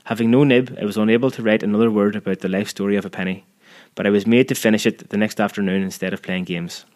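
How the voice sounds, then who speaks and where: A man with a fairly low voice reads a story aloud as scripted audiobook narration. His delivery is measured and vivid, drawing the listener through each scene. He keeps a steady storyteller's pace.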